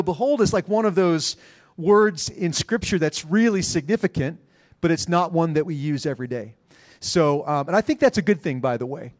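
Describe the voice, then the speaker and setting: A man in his pastoral role, preaching a conversational sermon with quick asides in a church sanctuary. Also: fairly high pitch.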